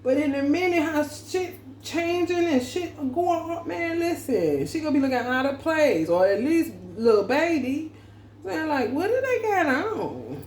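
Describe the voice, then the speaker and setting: A woman tarot vlogger, an adult parent, gives a casual monologue reading, slow, slangy, laughing, loose, and profane. Her voice sits high with big pitch swings and a darkish tone. The room is echoey, with faint background noise.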